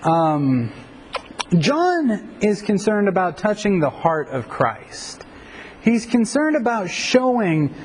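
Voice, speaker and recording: A man's voice: sits high, darkish tone, slightly rough, poor audio. A male pastor giving a conversational Bible teaching, with frequent fillers and self-corrections.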